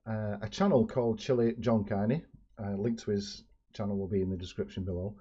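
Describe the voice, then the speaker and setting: A British YouTuber with a lowish, mellow, husky voice introduces a video casually, talking a little fast and using fillers. The recording sounds dull and lo-fi.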